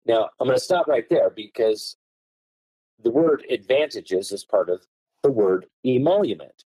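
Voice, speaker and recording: A man appears as a podcast guest, explaining legal texts and reading them aloud, marking key words with clear shifts in tone. His medium-pitched voice is animated, mellow, and breathy at the edges, at a measured pace. The recording has no echo but is rough.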